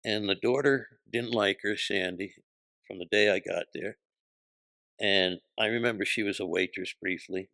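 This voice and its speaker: A comedian guest on a podcast, a man telling anecdotes in a lively way and acting out the people he quotes. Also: on the low side, moderate pace, creaky, no room sound. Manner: animated, acts out quoted voices. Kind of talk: storytelling anecdotes.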